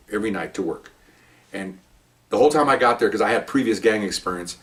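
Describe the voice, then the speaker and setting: An older man with a lowish voice rattles through his old police stories at a brisk clip. He talks casually, joking and checking in with his listener with little "okay?" asides. His voice sits a little back from the mic. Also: far from the mic. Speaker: retired police officer storyteller. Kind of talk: casual first-person storytelling.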